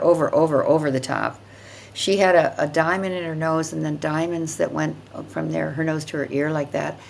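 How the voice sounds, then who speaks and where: A woman's voice: sits low, vocal fry, slight background noise. An older woman, a podcast guest, telling a personal story in a vivid, emphatic way, often repeating words for effect.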